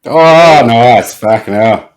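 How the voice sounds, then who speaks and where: Swearing podcast host. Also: male voice, medium pitch, animated, slow. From Australia. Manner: swears freely, laughs often. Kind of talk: casual podcast chat.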